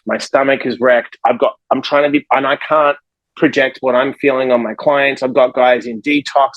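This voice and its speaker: A man who is a life coach and author, telling a story in a podcast conversation with lively energy and acting out the people in it. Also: medium pitch, no room sound, lo-fi sound. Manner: energetic, acts out the people in his stories.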